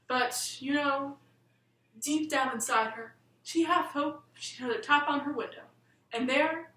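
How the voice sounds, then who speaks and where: A woman telling a bedtime story in a lilting, expressive manner. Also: high-pitched, distant mic. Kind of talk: storybook narration. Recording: roomy room, voice set back from the mic.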